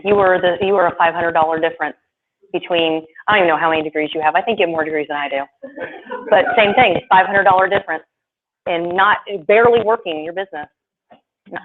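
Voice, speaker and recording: Woman, animated presenter, sales talk, live audience, tinny lo-fi sound. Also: on the low side, quick pace. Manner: chatty and animated, acts out quoted voices. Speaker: product presenter. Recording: tinny phone-like live stream, faint noise.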